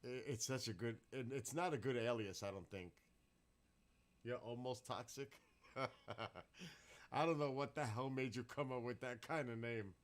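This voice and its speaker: A man's voice: mid-range voice, moderate pace. A man chatting casually on a live stream, rambling, swearing freely and bursting into laughs. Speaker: livestreamer.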